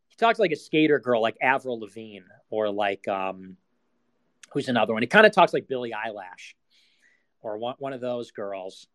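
A man's voice: a little high, fairly bright tone. A young man hosting a livestream, talking in a rambling, filler-heavy way with laughing asides. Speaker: livestream host. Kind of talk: rambling casual chat.

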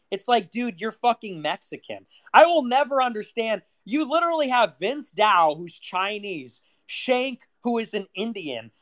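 A man's voice: sits high, fairly bright tone, no echo. A young man from Chicago, a political commentator in a sarcastic, profane solo rant. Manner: sarcastic, profane, rapid-fire.

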